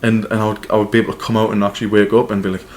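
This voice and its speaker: A man co-hosting a casual podcast chat, telling animated stories with lots of swearing and laughter. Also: lowish voice, very fast, a little hiss or hum. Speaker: podcast co-host.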